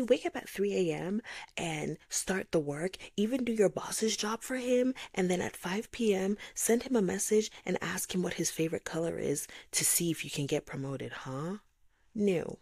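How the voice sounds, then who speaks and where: A woman's voice: on the low side, normal speed, dry recording. A woman from Nigeria hosting a faith-based podcast, talking reflectively and acting out voices of others. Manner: animated, acts out voices of God and others. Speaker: podcast host.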